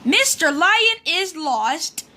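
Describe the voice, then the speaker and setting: A woman reading a children's picture book aloud in an animated, sing-song storyteller manner. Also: extremely high pitch, very slow.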